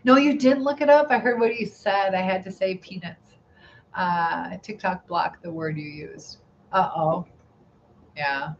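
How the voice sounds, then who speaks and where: A middle-aged woman hosts a casual live stream, giggling and chatting while reading viewer comments aloud. She speaks low-ish at a measured pace. The lo-fi recording sounds slightly dull, with faint background noise.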